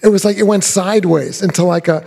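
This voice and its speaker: A man's voice: high-pitched, fast, creaky, slightly rough. A man, a film director, telling rambling anecdotes in a festival Q&A and acting out the voices of people he quotes. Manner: animated storyteller who acts out quoted voices. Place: live Q&A on a theater stage. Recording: long hall reverb.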